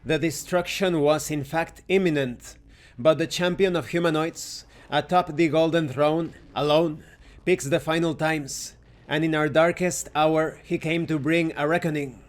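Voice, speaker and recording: A man's voice: on the high side, fairly even intonation, measured pace. A man hosting a tabletop game review channel, reading lore aloud in an earnest storytelling way and then thanking his viewers. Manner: stops to correct his own pronunciation.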